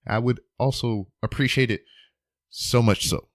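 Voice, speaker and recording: A man's voice: mid-range voice, measured pace, no echo, studio quality. A man hosting his own podcast from home, rambling in a playful, casual way with joking asides. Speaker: podcast host. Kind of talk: casual solo podcast monologue.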